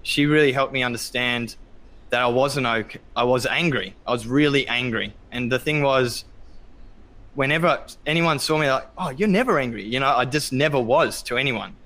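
Bright aussie guy opening up on a podcast, lots of ums, yells out the quotes. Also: mid-range voice, moderate pace. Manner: open, reflective, many ums, acts out quotes loudly. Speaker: podcast guest. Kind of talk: candid conversational storytelling.

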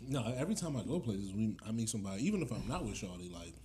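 Animated man telling a story with acted voices. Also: lowish voice, very fast, a little hiss or hum. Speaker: podcast co-host telling a story. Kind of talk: casual storytelling chat.

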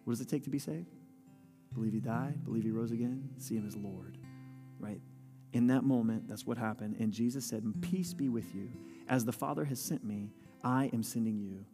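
A man's voice: mid-range voice, normal speed. Man preaching in a reverberant hall. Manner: reads scripture aloud, asks the listeners questions. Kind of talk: sermon. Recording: long hall reverb with faint music.

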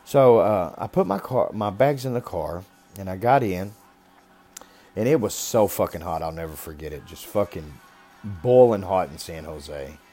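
Blunt, low-voiced man telling a story. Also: expressive, normal speed, warm tone, faint music behind. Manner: blunt, heavy swearing, rambling; talks about being raised rough. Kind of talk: casual personal storytelling.

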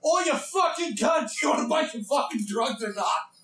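A man voicing a crude, brash male hustler in a mock Scottish accent that drifts Australian, shouting and swearing in a tabletop game. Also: very high voice, animated, normal speed. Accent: mock Scottish, comes out Australian. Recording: roomy, distant mic.

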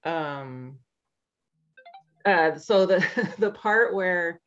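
A woman's voice: lowish voice, animated, very slow, lo-fi sound. A woman co-hosting a casual movie review podcast, asking questions and laughing easily. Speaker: podcast co-host.

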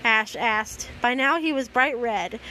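A woman's voice: on the high side, slow pace, bright, forceful tone, a little hiss or hum, low-quality recording. A young woman reading fan fiction aloud, stumbling and correcting herself, breaking off for sarcastic asides.

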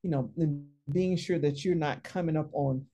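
Brief: woman career coach, interview guest, lowish mellow voice, emphatic storyteller. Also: normal speed. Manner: lively, emphatic, frequent tag questions.

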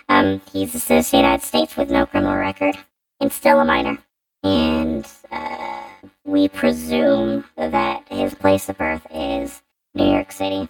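A man's voice: a bass voice, measured pace, gravelly, poor audio. A man hosting a podcast through a robotic voice changer, chatty and hesitant with many fillers. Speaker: podcast host. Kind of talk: casual podcast chat. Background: music.

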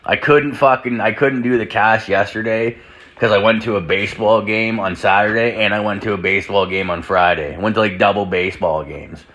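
A lowish, slightly bright voice carries a young man's crude, rambling story, told a little fast in a steady tone. He's a podcast host drinking whiskey at home with the door open, cursing often and saying "like" over and over.

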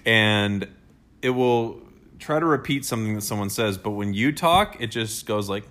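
A man's voice: on the low side, expressive, moderate pace, fairly bright tone. A man co-hosting a casual advice chat, joking around and rambling, often breaking into laughs. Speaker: podcast co-host.

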